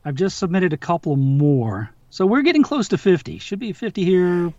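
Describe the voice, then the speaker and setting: A man's voice: high-pitched, moderate pace, no echo, muffled recording. A man who narrates audiobooks, chatting casually in an interview from his home studio. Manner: relaxed, chatty, restarts often.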